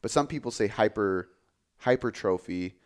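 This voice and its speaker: A man who works as a fitness coach, talking casually on a podcast, relaxed and full of filler words. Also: fairly low pitch, quick pace, clear, resonant tone. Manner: relaxed, filler-heavy, says "like" often.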